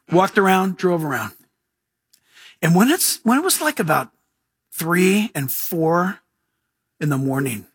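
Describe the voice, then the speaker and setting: A man delivers a sermon in a high, bright, slightly husky voice. He tells stories and cracks jokes with frequent chuckles, slipping into playful impressions of other people. The sound is close and dry. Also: no room sound. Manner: mimics other people in lively asides. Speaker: pastor.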